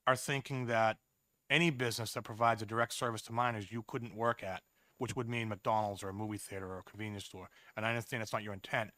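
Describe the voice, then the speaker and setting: Forceful man raising a legal concern. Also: lowish voice, steady tone, quick pace, dry recording, studio quality. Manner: direct, methodical questioning. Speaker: committee member. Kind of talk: legislative committee discussion. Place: state house committee room.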